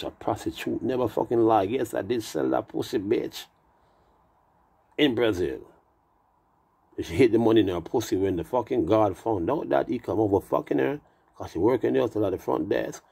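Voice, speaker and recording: Man, low gravelly voice, husky, tipsy, rambling and cursing, wordplay. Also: moderate pace, dark tone. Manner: profane, meandering, wordplay-heavy. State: tipsy from drinking. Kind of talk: rambling casual monologue.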